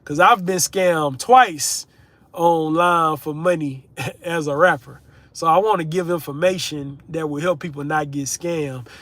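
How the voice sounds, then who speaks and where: Young male streamer with a slightly high voice, relaxed and chatty while reading out comments. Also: measured pace, dry recording. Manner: laid-back, chatty, reads viewer comments aloud. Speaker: livestream host, content creator. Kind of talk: casual livestream chat reading comments.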